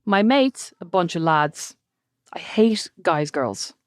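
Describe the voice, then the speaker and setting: A woman's voice: lowish voice, expressive, slow, no room sound, clean studio sound. An Irish woman co-hosting a podcast, reading listener messages aloud with wry, chatty asides. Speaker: podcast co-host.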